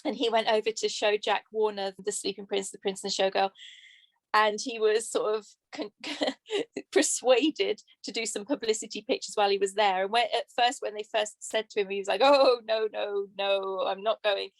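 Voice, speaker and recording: A woman's voice: mid-range voice, fairly even intonation, moderate pace, no echo. A woman author with an English accent, chatting casually on a podcast and laughing often. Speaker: author guest.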